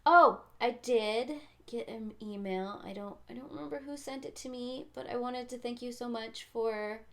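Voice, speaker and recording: A woman's voice: on the high side, normal speed, a bit bright. A woman, a young adult, hosting a casual livestream as she colors, rambling and self-deprecating, sometimes dropping to a whisper. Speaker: livestream host.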